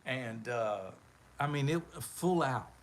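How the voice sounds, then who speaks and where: A man's voice: mid-range voice, lively intonation, slow, low-quality recording. A man hosting a live stream, telling a long story in a rambling, laid-back way. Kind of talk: casual storytelling.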